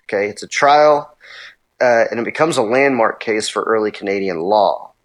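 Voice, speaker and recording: A man's voice: lowish voice, moderate pace, rough recording. Hesitant male podcast co-host. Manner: hesitant, many fillers and restarts. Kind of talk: casual podcast chat, reading quotes aloud.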